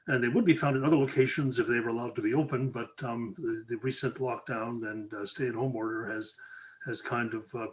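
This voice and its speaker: A man hosting an online event, giving halting closing thanks and announcements over a video call. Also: mid-range voice, low-quality recording. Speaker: event host. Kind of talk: closing remarks.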